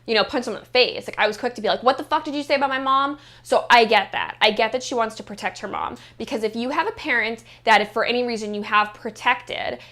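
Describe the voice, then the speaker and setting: A woman with a bright, slightly high voice delivers a casual reality-show recap. She talks bluntly and swears freely, mocking the cast with sassy asides. Her speech is full of "like" fillers. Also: quick pace, hardly any pauses. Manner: blunt and profane, heavy use of "like".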